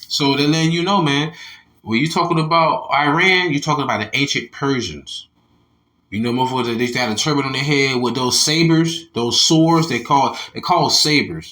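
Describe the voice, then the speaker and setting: A man's voice: mid-range voice, a bit bright. A slightly tipsy man giving a casual, profane scripture lesson and reading articles aloud while talking back to his listeners. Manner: loose, profane, talks back to his audience. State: a little tipsy. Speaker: religious commentator.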